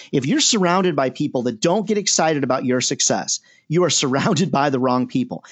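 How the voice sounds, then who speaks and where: A man hosting a sales podcast, upbeat and chatty, with lots of "uh" fillers. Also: medium pitch. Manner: enthusiastic, chatty, many "uh" fillers. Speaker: podcast host and sales coach. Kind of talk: casual podcast talk.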